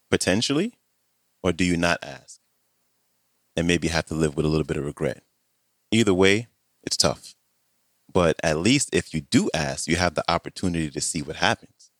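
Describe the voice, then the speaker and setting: A man hosting a podcast, reading a steady, reflective, encouraging intro. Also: sits low, dry recording, clean studio sound. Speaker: podcast host.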